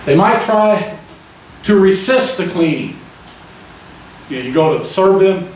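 Male preacher, slightly high voice, folksy sermon style, recorded from a distance in a very echoey sanctuary. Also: animated, measured pace, a little hiss or hum. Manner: folksy, keeps asking the crowd "amen?". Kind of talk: conversational sermon. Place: church sanctuary. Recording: echoey church room, mic at a distance.

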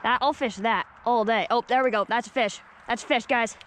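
A woman vlogging while fishing outdoors at a lake, excitable and keeps calling out to viewers. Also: a little high, fairly quick, a little hiss or hum. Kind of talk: excited outdoor vlog commentary. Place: outdoors at a lakeshore.

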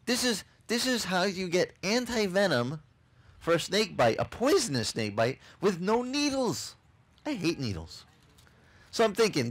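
Animated man preaching a sermon. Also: fairly high pitch, measured pace. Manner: animated storytelling, acts out voices of people and God. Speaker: pastor. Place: outdoor beach service.

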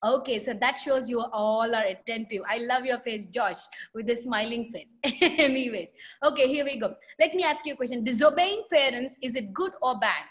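A woman with a high voice leads a children's lesson over a video call. She tells a story and stops often to quiz the kids. She acts out the voices of the people in it. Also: normal speed. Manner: animated, asks children questions and acts out voices. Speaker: children's Sunday school teacher.

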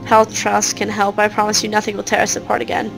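A woman's voice: medium pitch, monotone, fast, gravelly, a bit bright, soft background music. A woman voicing a troubled young girl who pleads anxiously with her cat and the adults around her. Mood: pleading.

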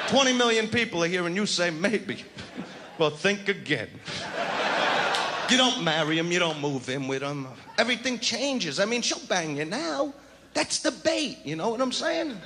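A man's voice: high-pitched, noisy background. A man doing a crude, swaggering stand-up routine, taunting people in the front row of a large theater. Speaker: stand-up comedian. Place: large theater with a live audience. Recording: 1989 concert recording with loud crowd.

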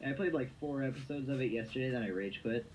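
A young man hosting a web show, chatting casually and stammering through quick restarts while he plays a game on a home mic. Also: mid-range voice, darkish tone, slight background noise, low-quality recording. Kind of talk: casual gameplay commentary. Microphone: home mic that drops in level.

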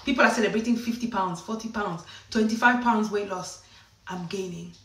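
A woman telling a story casually to camera in an animated way, often slipping into acted voices. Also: fairly high pitch, fairly quick, noisy background. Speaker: vlogger. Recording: echoey room, distant from the mic.

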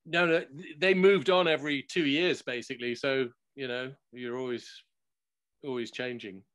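A man recording engineer talking in a relaxed, chatty interview, laughing often and using many fillers, over a video call. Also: medium pitch, normal speed. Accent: none regional, no Scottish accent. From born in Gibraltar, grew up worldwide.

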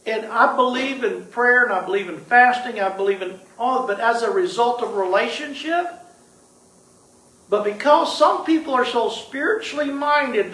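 A man with a notably high voice preaches in a lively, bantering way, coaxing the congregation to call out answers. He is picked up from a distance, and the room rings with echo. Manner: lively, prompts the congregation to answer, joking asides. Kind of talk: sermon with call-and-response.

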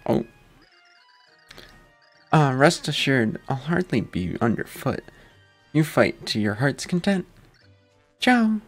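A man doing a smarmy high-voiced magician. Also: big pitch swings, slow, long pauses, faint music behind, heavily acted. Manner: florid, over-polite, mock-British. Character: theatrical scheming male jester-magician, smug and flowery.

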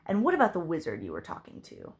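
A woman's voice: on the low side, huge pitch swings, quick pace. A woman voicing a nasty, gleeful male dragon who taunts and sniffs. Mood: taunting.

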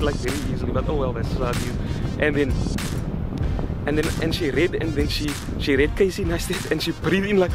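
A young man from South Africa with a South African accent, excitedly rambling through a casual storytime vlog. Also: fairly high pitch, brisk. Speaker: vlogger. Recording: background music under voice.

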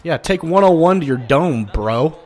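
A man commenting on his own baseball video game play, swearing and flaring up at bad pitches, and talking straight to his viewers. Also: expressive, moderate pace. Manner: swearing, frustrated outbursts at the game. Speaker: gaming YouTuber. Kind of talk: gameplay commentary.

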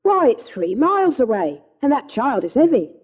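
A woman reading an audiobook voices a kindly, plain-spoken middle-aged cab driver, firm but gentle. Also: high-pitched, very animated, normal speed, husky, pitched above the performer's own voice, heavily acted.

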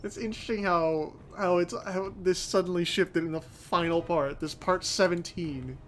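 The host of a strategy game channel talks through a casual let's-play at a moderate pace, soft music quietly underneath. His voice is fairly high, and he muses aloud, curses frequently, and trips on his words.

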